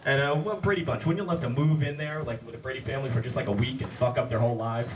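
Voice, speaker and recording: A man's voice: medium pitch, fairly even intonation, fast, highs cut off. A young man doing a casual, wisecracking stand-up routine. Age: young adult. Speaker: stand-up comedian. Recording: distant mic, noisy room.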